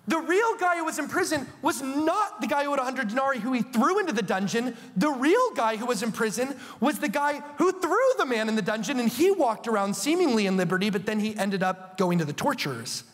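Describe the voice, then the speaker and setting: A man preaching a sermon as a TV show host, telling the story in an animated, playful way with asides. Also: very high-pitched, brisk, few pauses, long reverb tail.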